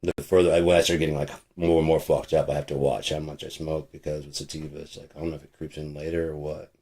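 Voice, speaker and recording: Quick-paced and extremely low, with little pitch movement and a slightly mellow tone, a podcast host delivers a profane, rambling rant on his show. His edge is sarcastic and the swearing never stops.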